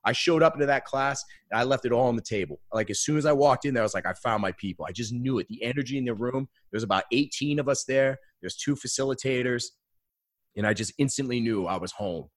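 A man telling a personal story in a casual interview, earnest and animated, often adding "man.". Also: medium pitch, fast, no echo, studio quality. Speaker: guest.

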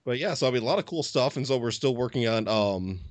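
A man co-hosting a podcast in casual chat, hesitant and filling pauses with ums. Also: mid-range voice, lively intonation, dry recording. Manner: hesitant, many ums and uhs. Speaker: podcast co-host.

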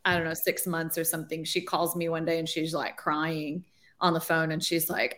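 A woman's voice: sits low, steady tone, moderate pace, pushed and bright. A woman in her forties, a ministry leader, telling her story in an interview, chatty and full of "like", acting out her past thoughts. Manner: chatty, says "like" often, acts out her own past thoughts. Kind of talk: conversational testimony.

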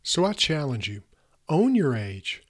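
A man's voice: on the high side, very animated, unhurried. A man in his fifties hosting a podcast, giving an earnest, emphatic motivational talk straight to his listeners. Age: 50s. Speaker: podcast host.

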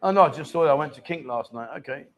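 A man's voice: fairly high pitch, animated, very fast. A man in his fifties hosting a live chat show, joking and teasing guests and viewers in casual banter. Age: 50s.

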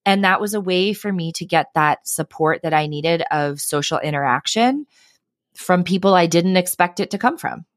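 A woman's voice: lowish voice, normal speed, no room sound, clean studio sound. A woman in her thirties, a podcast guest, telling personal stories earnestly and with animation, often adding "right?" and "I mean". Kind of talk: conversational interview.

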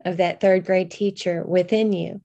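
A woman hosting an interview, speaking in a measured, reflective way. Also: lowish voice, steady tone, warm tone, dull audio. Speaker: host.

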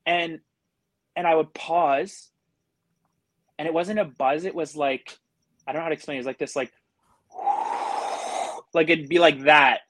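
A man's voice: fairly high pitch, steady tone, moderate pace, long pauses, background noise. A man telling a story as a podcast guest in a casual way, rambling and full of fillers. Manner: rambling, filler-heavy with many likes.

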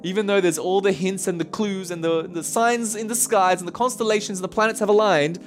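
A man preaching a sermon as pastor, conversational and animated, laughing often as he talks. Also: high voice, brisk, soft background music.

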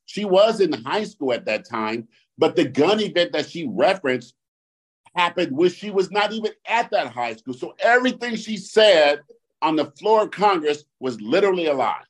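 A man co-hosting a podcast, chatting casually and getting worked up, swearing and jumping to high outbursts when riled. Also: sing-song, moderate pace. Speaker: podcast co-host. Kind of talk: casual chat.

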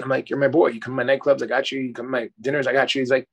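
A man's voice: mid-range voice, fairly even intonation, rapid-fire, creaky, a bit bright, breathy edge. A middle-aged man, a life coach, talking effusively and emphatically in a casual interview, swearing casually.

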